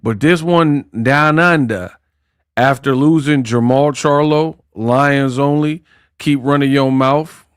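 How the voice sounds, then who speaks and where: A man's voice: mid-range voice, takes it slowly, clear, resonant tone, no room sound, clean studio sound. A man hosting casual boxing commentary, trash-talking and joking. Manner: trash-talking, joking, breaks into song and mock accents.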